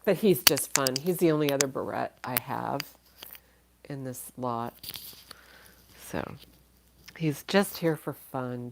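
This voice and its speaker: Low-voiced, chatty woman auctioneer. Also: background noise. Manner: chatty, laughs often, thinks aloud. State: tired, yawning. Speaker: live-stream auction seller. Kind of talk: casual live auction chat.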